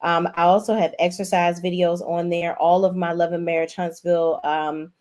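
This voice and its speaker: A woman's voice: on the low side, normal speed. Chatty woman in her 40s doing a livestream recap, talks right to the viewers. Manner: chatty, animated, addresses viewers directly. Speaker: host. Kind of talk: casual livestream show review.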